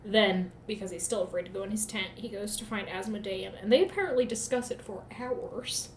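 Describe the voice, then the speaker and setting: A woman's voice: medium pitch, reverberant, a little hiss or hum. Sarcastic woman recapping with profane asides. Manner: sarcastic, profane, acts out characters in quick asides. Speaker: podcast co-host recapping a book. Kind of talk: casual chat.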